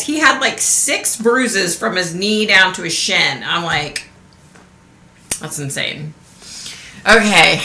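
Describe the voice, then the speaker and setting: Middle-aged woman vlogger, chatty storyteller, bright edge, somewhat low voice, roomy sound. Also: expressive, moderate pace. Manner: chatty storyteller, laughs often, acts out quotes. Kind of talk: casual livestream chat.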